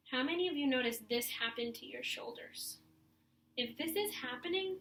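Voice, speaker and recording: A young woman teaching saxophone students to stretch and breathe, guiding them step by step and showing sighs and deep breaths herself. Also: animated, slow pace, pauses often, fairly bright tone, reverberant. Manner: encouraging, demonstrates breaths and sighs. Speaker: music teacher. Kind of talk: instructional video for young students.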